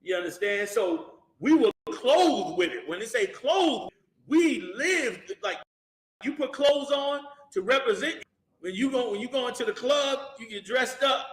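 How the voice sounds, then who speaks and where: A man teaching a Bible class in a preaching style. He is animated, uses colloquial slang and keeps firing rhetorical questions at the class. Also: very high-pitched, moderate pace. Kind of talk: preaching-style scripture lesson. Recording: echoey room.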